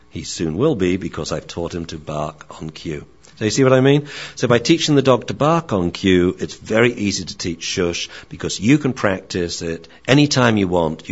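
A man teaching dog training in a lecture, animated and acting out barks and dialogue. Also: fairly low pitch, breathy edge. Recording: dull lo-fi recording.

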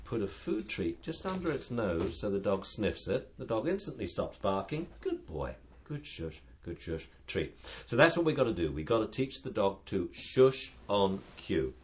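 A dog trainer appears as a guest expert on a casual radio talk show, chatting and acting out dogs and their owners in funny voices. His voice sits on the low side and has a sing-song lilt, moving at a moderate pace with hardly any pauses.

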